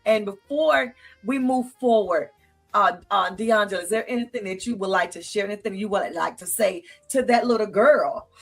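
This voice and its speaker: Woman host, exclamatory and emotional, husky tone, faint music behind. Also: mid-range voice, normal speed. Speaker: talk show host. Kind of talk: casual talk show hosting.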